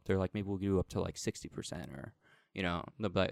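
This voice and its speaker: A man with a smooth, resonant voice chatting casually on a podcast. He rambles through his story, leaning on "like" and "um." His voice sits a little low and sounds close and dry. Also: steady tone, fast, no room sound. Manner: rambling, heavy use of "like" and "um". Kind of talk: casual chat.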